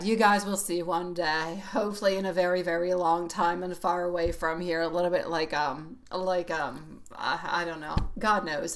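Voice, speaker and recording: A woman giving a live-streamed tarot reading, chatty and rambling, often laughing as she talks. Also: fairly low pitch. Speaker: tarot reader.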